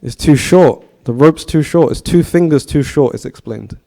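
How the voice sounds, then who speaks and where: A man's voice: a little high, moderate pace, gravelly, warm tone. A man in his thirties giving a storytelling sermon, chatty and asking his listeners questions. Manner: chatty, asks the audience questions. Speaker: speaker giving a temple talk.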